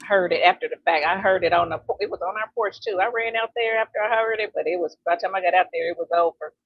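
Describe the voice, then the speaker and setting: A woman's voice: on the low side, quick pace, slightly rough, dry recording. A middle-aged woman hosting and chatting in an easygoing, conversational way over a video call. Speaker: host. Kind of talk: casual chat. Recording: dull lo-fi dry sound.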